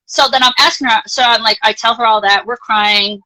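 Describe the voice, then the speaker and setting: A woman life coach, a guest in a live interview, telling a personal story in a chatty, animated way, full of "like" and casual swearing. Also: fairly high pitch, brisk, low-quality recording. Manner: chatty, animated, frequent filler "like", casually profane.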